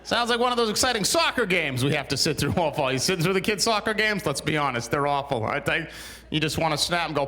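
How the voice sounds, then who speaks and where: A man in his forties works a small studio stage with a stand-up set. His voice sits a bit high and rings bright. He tells his stories in a dry, exasperated way and builds each one to a punchline. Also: lively intonation, fast talker. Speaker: stand-up comedian. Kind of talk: stand-up comedy routine.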